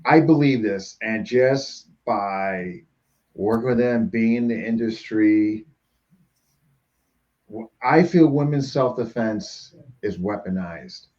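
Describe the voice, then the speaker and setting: Brief: man, mid pitch, blunt and opinionated self-defense guest, muffled lo-fi sound. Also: takes it slowly, a little mellow. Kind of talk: casual podcast chat.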